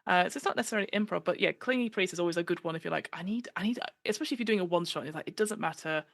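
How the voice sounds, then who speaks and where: A woman guest on a podcast chatting casually, animated and given to acting out the voices she quotes, with plenty of fillers. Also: fairly low pitch, very fast, creaky, no echo.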